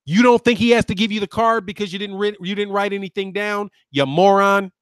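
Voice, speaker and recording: A man's voice: high voice, fairly even intonation, fairly quick, clear, resonant tone, no room sound, clean studio sound. A man in his fifties, a lawyer hosting a boxing channel, ranting back at viewers with combative, sarcastic name-calling. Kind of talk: ranting commentary replying to viewers.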